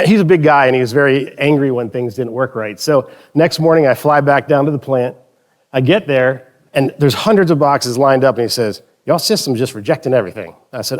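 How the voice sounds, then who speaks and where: A man presenting a conference talk on stage, telling anecdotes in a casual, joking way with frequent restarts. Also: medium pitch. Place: stage in front of an audience.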